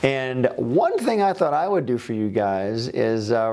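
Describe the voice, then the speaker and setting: A man's voice: mid-range voice, big pitch swings, takes it slowly, few pauses, darkish tone. A man with an upbeat, chatty manner, casually introducing a children's storybook reading from home. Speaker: host reading children's books.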